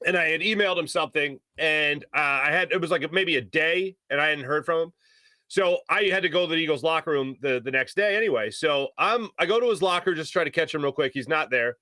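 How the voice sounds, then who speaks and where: A male sports radio host, telling a story on air in an animated way. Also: a little high, quick pace, dry recording. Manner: animated storyteller, mimics shouting voices. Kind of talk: storytelling on a sports talk show. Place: radio studio.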